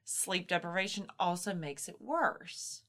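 A woman's voice: fairly low pitch, animated, unhurried, bright, forceful tone. A woman co-hosting a casual podcast and walking listeners through postpartum health. She explains patiently and reassuringly, and now and then voices a new mom's thoughts to make her point. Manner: explanatory, reassuring, acts out moms' inner voices.

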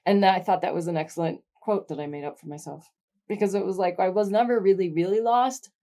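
A woman's voice: on the low side, brisk, warm tone. A middle-aged woman co-hosting a podcast in casual chat, frank and reflective, swearing now and then. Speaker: podcast co-host.

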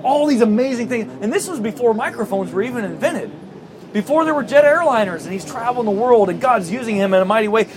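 A man preaching a sermon as pastor, telling stories with lively acted-out quotes. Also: very high-pitched, fast talker, background noise. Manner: animated storytelling, acting out quoted voices.

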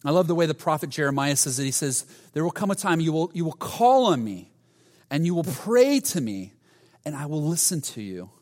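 A man preaching a sermon as a pastor, earnest, often restarting his phrases and dropping softly in volume. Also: fairly high pitch. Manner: earnest, with frequent restarts and soft drops in volume. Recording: reverberant hall.

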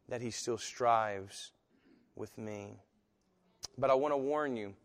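A man preaches a sermon from the pulpit. His voice sits at an ordinary middle pitch, and he swings between quiet, drawn-out lines and loud, driving ones. The sound carries a long reverb from a large church sanctuary. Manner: dramatic swings from hushed to loud, slow emphatic phrasing. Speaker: pastor.

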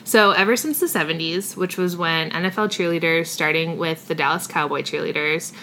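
A woman's voice: sits low, fairly even intonation, brisk, sharp tone, slight background noise. A young woman co-hosting a podcast in casual chat, teasing and storytelling, laughing easily. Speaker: podcast co-host.

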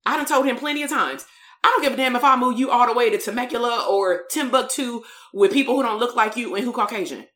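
A woman's voice: on the high side, quick pace, a bit bright, reverberant. A woman, a coach and therapist telling a story in a blunt, emphatic live-streamed motivational talk.

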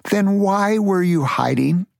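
An older man voicing a big, strong police officer who questions sternly, in a gravelly, slightly high voice within a spoken story. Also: animated, unhurried, no room sound, studio quality.

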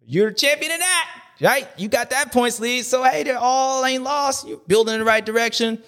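A man's voice: very high-pitched, normal speed. A man hosting a race recap show, talking in a loose, slangy, joking rant that rambles from one aside to the next. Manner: animated, rambling, slangy, jokey. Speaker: show host.

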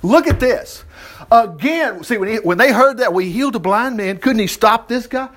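A preacher, teaching a Bible passage in a chatty sermon full of rhetorical questions. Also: male voice, sits high, lively intonation, normal speed, fairly bright tone.

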